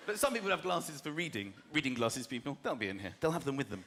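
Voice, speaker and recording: A man from the South of England doing a stand-up comedy routine, animated and acting out characters in silly voices. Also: mid-range voice, quick pace, hardly any pauses. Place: theatre stage before a laughing audience. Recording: echoey live venue with loud crowd noise.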